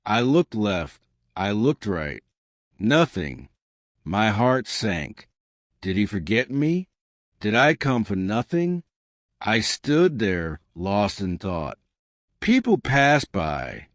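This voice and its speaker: A man giving scripted storybook narration for English learners in plain, short, measured sentences. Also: on the low side, no room sound, clean studio sound.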